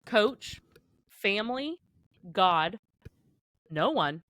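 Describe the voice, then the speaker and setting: A woman with a mid-range voice briskly reads through a list of questions on a casual podcast. Her voice sounds close and dry, with no room around it. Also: mid-range voice, very animated, fairly bright tone, dry recording. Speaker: guest reading prop bets.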